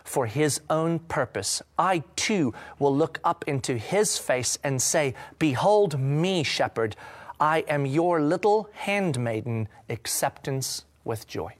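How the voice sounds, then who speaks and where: A man reading the lines of a timid young woman pilgrim aloud, slow and gentle. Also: on the high side, animated. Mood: resolved.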